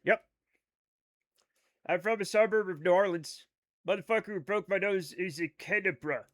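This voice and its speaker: A man's voice: high-pitched, normal speed. A man with a Rhode Island accent, chatting casually on a live game stream, rambling as he reads chat aloud and riffs on it.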